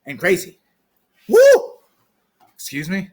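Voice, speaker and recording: A man vlogs to his viewers, rambling goofily and freestyling rhymes off the top of his head. His voice is high-pitched and slow.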